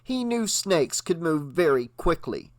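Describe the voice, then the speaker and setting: A man narrating an audiobook with a dramatic, expressive reading. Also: fairly high pitch, unhurried, dry recording. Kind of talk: audiobook narration with character voices.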